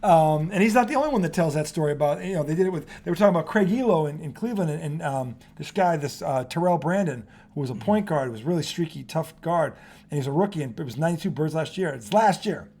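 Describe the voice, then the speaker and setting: A man hosting a sports talk show, telling stories in an animated, profane way and acting out quotes. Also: a little high, quick pace. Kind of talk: casual sports debate.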